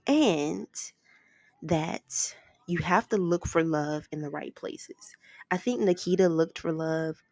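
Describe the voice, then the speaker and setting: Speaking slowly in a low, slightly mellow voice, a woman recaps a film's plot in a casual, rambling way, hopping between scenes and leaning heavily on "like" and "ends up." The recording has no room sound.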